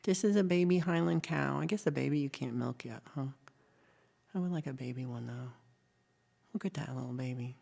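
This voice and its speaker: A woman with a low voice hosts a relaxed livestream chat. She talks to her viewers in a chatty, rambling way, full of ums, and reads their messages aloud as she goes. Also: a little fast, gravelly. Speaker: livestream host.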